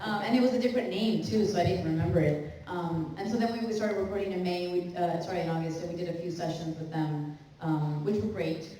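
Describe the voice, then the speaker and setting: A woman guest on a convention panel tells her story in a chatty, animated way. Her voice is mellow and a little low. It booms around a large hall, heard from afar over a faint hum. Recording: echoey hall, far mic.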